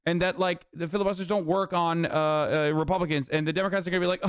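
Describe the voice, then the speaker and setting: A man's voice: on the high side, fairly even intonation, fast, few pauses, clean tone, dry recording, clean studio sound. A man in his thirties ranting angrily about politics on a live stream, cursing and sarcastic, reading chat messages aloud. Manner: profane, heated, sarcastic, reads chat aloud. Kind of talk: angry political rant on stream.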